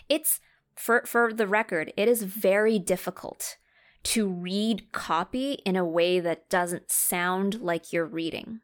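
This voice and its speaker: A woman co-hosting a podcast, chatting casually at an ordinary pitch. She tells stories with animated energy, slipping into quoted voices as she goes. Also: slow pace. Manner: animated storyteller who acts out quoted voices. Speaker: podcast co-host.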